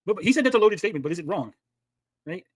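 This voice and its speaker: A man's voice: sits high, expressive, rapid-fire, no room sound. A man hosting a livestream, arguing heatedly and swearing as he reacts to clips. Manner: heated, argumentative, swears a lot. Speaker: livestream commentary host. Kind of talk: casual profane stream commentary.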